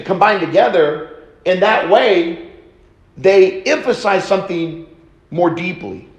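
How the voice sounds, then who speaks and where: A male preacher giving a sermon in a slow, deliberate teaching manner and repeating key phrases for emphasis. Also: high voice, echoey room, rough recording. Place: church auditorium.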